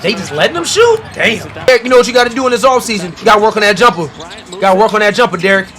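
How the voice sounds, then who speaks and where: Young male streamer, high-pitched and excitable, reacts loudly to a basketball game with slangy trash talk. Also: racing, soft background music. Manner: animated, loud outbursts, slangy trash talk.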